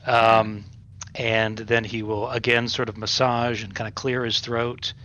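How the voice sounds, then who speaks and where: A man's voice: mid-range voice, level tone, measured pace, pushed and bright, lo-fi sound. A man playing in a tabletop role-playing game, describing what his character does, with many fillers and restarts. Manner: hesitant, full of fillers and restarts. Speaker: player.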